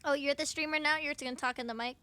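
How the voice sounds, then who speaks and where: A woman's voice: high voice, steady tone, fast talker, pushed and bright, no room sound. A young woman streaming live, chatting casually with viewers and cooing baby talk at her cat.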